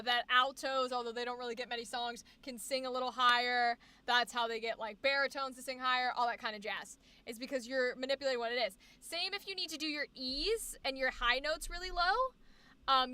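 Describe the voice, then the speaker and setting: A woman's voice: high-pitched, pushed and bright, clean tone. A woman livestreaming in a casual chat, explaining singing technique and demonstrating vowel sounds as she talks. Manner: many fillers and restarts, reads chat aloud. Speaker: streamer.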